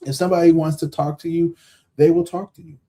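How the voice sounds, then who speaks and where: A man's voice: a little high, level tone, quick pace, warm tone. A man in his thirties giving a live tarot reading in casual, slangy talk, blunt and profane, repeating himself for emphasis and laughing often. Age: 30s. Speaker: tarot reader hosting a live stream.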